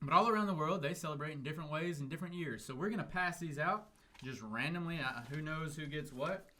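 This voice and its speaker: A man's voice: on the high side, fast, sharp tone. A man hosting a casual podcast chat, joking and laughing often. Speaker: podcast host.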